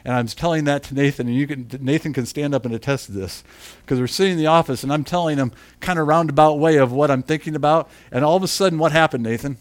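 This middle-aged male pastor shares a personal anecdote from the pulpit, moving between quiet asides and forceful, loud outbursts while laughing at his own expense. He talks fast, with a voice on the high side.

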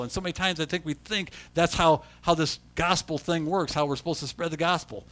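A man preaching a sermon as a pastor. He swings from quiet storytelling to loud emphasis and often repeats words when he restarts. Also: a little high, brisk, hardly any pauses.

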